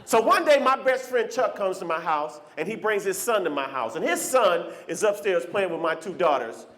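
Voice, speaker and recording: On a club stage, a male stand-up comic performs in a lively, teasing style. For a man his voice is high, and it jumps around wildly, though his speed stays normal.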